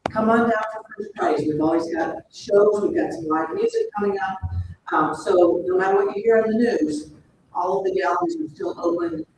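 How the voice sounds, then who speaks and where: Brief: woman, slightly high voice, emphatic announcement, distant and very echoey. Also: big pitch swings, brisk, noisy background. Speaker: gallery owner making an announcement. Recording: echoey room, speaker away from the mic.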